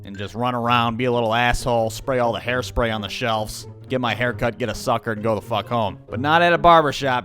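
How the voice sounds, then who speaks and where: A man's voice: medium pitch, a bit bright. Profane, exasperated man telling a comedy story. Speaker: animated storyteller. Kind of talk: comedic childhood-story narration.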